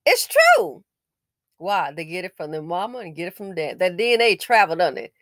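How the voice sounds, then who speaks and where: A woman's voice: on the low side, fast, dry recording, studio quality. A woman giving casual news commentary, indignant and scolding, with sarcastic exclamations.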